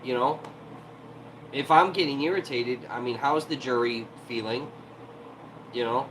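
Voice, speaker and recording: A man's voice: medium pitch, measured pace, fairly bright tone, slight background noise, rough recording. A man hosting a livestream from home, ranting heatedly and profanely in an irritated tone. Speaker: livestream host.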